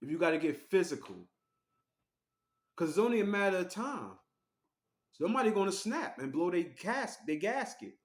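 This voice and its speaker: A man giving casual, animated storytelling commentary as an online vlogger. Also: high voice, normal speed, long pauses, roomy sound. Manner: animated, acts out quoted voices.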